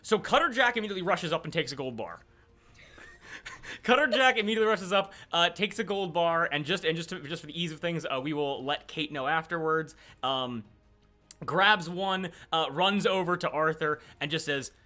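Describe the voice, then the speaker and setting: A young man narrates a tabletop game as its game master. His voice is bright and forceful and sits somewhat high for a man. He narrates with animation but keeps stumbling through fillers and restarts. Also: normal speed, soft background music.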